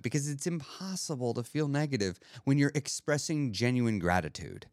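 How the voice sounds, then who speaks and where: A man's voice: medium pitch, animated, brisk, few pauses, dry recording, clean studio sound. A man hosting a podcast, talking earnestly and motivationally in a reflective monologue. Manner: earnest, motivational, thinking aloud with restarts. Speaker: podcast host.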